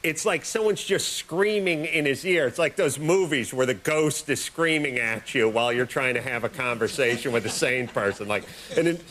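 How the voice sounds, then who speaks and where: A man's voice: mid-range voice, normal speed, few pauses, a little hiss or hum. A man hosting a late-night show, delivering a rambling, sarcastic comic monologue. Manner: sarcastic, rambling, deadpan jokes.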